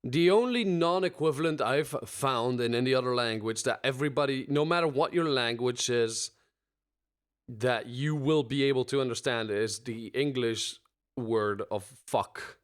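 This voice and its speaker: A man's voice: mid-range voice, normal speed, smooth. A man co-hosting a podcast in blunt, profane, jokey banter. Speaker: podcast co-host. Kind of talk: casual chat.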